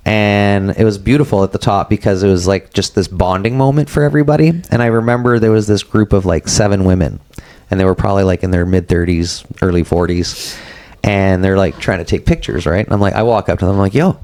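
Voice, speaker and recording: A man in his forties, a podcast guest telling a story in a casual, animated way, acting out what people said, with many filler words. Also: deep voice, a little fast. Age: 40s. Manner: animated, acts out quoted dialogue, frequent "like" fillers.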